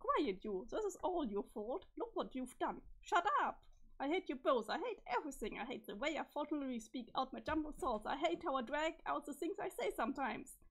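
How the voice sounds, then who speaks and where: A woman's voice: high voice, big pitch swings, fairly quick, few pauses. A woman voicing a distraught fused creature that rants about hating itself. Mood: anguished. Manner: sobbing self-loathing rant.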